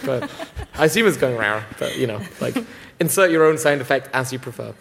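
A man's voice: medium pitch, lively intonation, brisk, creaky, a bit bright, a little hiss or hum. Man talking in a reverberant hall. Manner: enthusiastic, rambling with many fillers. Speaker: anime distributor panelist. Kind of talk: convention panel talk. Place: convention panel room.

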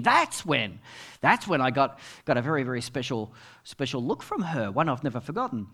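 Middle-aged male pastor, sermon, storytelling manner with quiet asides; high, very lively voice. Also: moderate pace.

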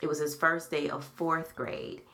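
A middle-aged woman with a low, gravelly voice, talking slowly. She hosts a podcast and shares memories in a soft, reflective manner. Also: little pitch movement. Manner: slow, soft-spoken, reflective storytelling. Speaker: podcast host. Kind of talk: casual heartfelt conversation.

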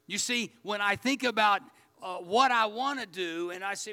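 A man's voice: sits high, normal speed, pushed and bright. A man preaching a sermon, telling a personal story in a folksy, repetitive way. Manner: folksy, storytelling, repeats words. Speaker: pastor.

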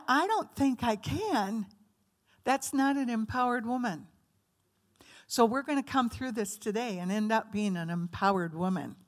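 Woman speaker at a ladies' meeting, bit high voiced, chatty, keeps asking the room questions. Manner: conversational, asks the audience questions, acts out quoted voices. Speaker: women's ministry speaker. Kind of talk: teaching sermon to a women's group.

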